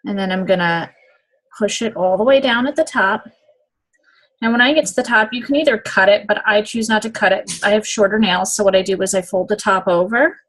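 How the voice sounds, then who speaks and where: Her voice sits in the mid range, fairly bright, and she speaks a little quickly. In a relaxed nail application demo, she goes step by step and checks in often with "okay?"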